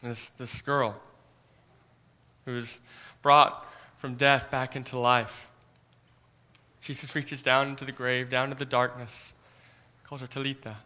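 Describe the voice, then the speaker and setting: A man preaching a sermon in an earnest manner, often dropping to a soft hush and repeating words as he starts phrases. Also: mid-range voice, level tone, measured pace, long pauses. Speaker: pastor.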